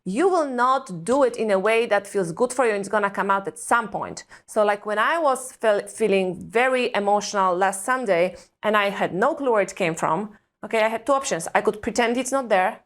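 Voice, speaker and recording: Guesting on a podcast, this Eastern European woman, a parenting coach, speaks at a moderate pace in a mid-range voice, barely pausing. She reflects earnestly and with emphasis, posing one probing question after another.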